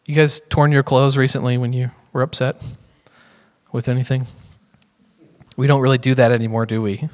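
A man's voice: mid-range voice, level tone, normal speed, pauses often. A man preaching a sermon in a casual, joking way as he teaches from the Bible. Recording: reverberant hall.

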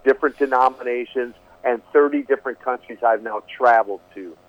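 A man's voice: mid-range voice, a little fast, dry recording. Earnest man telling a testimony over a tinny phone line. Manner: earnest, repeats words when restarting. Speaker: guest, preacher. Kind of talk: storytelling testimony.

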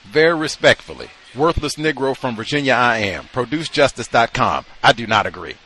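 A man's voice: medium pitch, lively intonation, a little fast, pushed and bright. A man hosting a radio talk show, giving emphatic commentary and now and then acting out the voices of people he quotes. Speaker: radio host.

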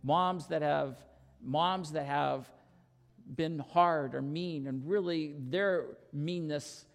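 Gravelly preacher in a reverberant church. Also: male voice, on the high side, slow. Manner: earnest, storytelling preacher. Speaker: pastor. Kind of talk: sermon. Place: church sanctuary. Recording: long reverb in church hall.

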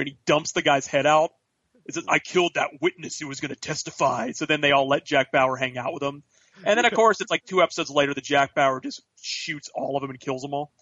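Animated swearing man retelling scenes. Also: a little high, no room sound, dull audio. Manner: animated storyteller, swears, acts out quotes. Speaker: podcast co-host. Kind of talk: casual chat.

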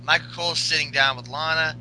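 A man's voice: a little high, steady tone, quick pace, sharp tone, faint music behind, low-quality recording. A man co-hosting a podcast, recapping in crude, rambling casual banter. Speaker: podcast co-host.

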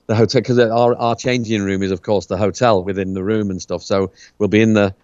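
A man's voice: on the low side, fairly even intonation, fairly quick, a little mellow, smooth, no echo, dull audio. A man from the UK, a musician guest in a casual interview, talking hesitantly and restarting his words.

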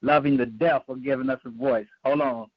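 A man co-hosting a talk radio show, signing off in a halting way with many fillers. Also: mid-range voice, fairly even intonation, dry recording. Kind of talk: casual sign-off. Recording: dry, dull lo-fi line.

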